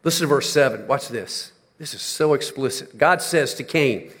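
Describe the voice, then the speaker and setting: A male pastor preaching a sermon dramatically, slowing down and dropping low for emphasis, then rising to near shouts. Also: big-room sound.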